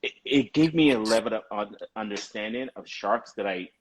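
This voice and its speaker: A man hosting a relaxed conversation, telling stories with animation and laughing easily. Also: on the low side, normal speed, husky. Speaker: podcast host. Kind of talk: casual chat.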